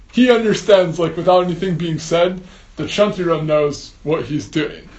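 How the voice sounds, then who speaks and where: Animated high-voiced man telling a story. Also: normal speed, reverberant, highs cut off. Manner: animated, laughs often, many fillers. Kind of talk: storytelling talk.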